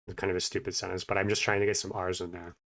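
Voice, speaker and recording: A man with a fairly low, naturally mumbling voice talks in a casual, low-key way. He hesitates often, restarting his sentences and filling gaps with fillers. He sounds a little self-conscious as he talks. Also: little pitch movement, rapid-fire, a bit bright. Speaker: vlogger, language learner. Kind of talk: casual spoken update.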